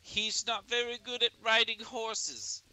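A man role-playing in a game chat, theatrical, swinging between loud excitement and hushed solemn tones. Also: extremely high pitch, unhurried. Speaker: roleplaying torchbearer character. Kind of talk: improvised game role-play.

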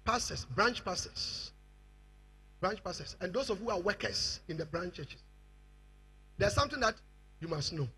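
A Ghanaian man preaches a fiery sermon in a high, piercingly bright voice. His tone carries a husky edge, and his pitch swoops widely. He pushes up into shouts. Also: lively intonation, normal speed, long pauses. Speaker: bishop preaching.

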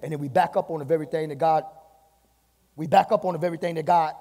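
A man preaching a sermon as pastor, repeating his phrases and rising to shouts. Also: fairly high pitch, steady tone, fast. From United States. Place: church sanctuary. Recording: church sermon with hall reverb.

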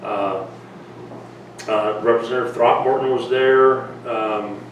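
A man's voice: medium pitch, steady tone, takes it slowly, a little hiss or hum. A man giving a chatty museum history lecture, telling stories with fillers and restarts. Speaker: lecturer and documentary filmmaker. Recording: echoey room, mic from far off.

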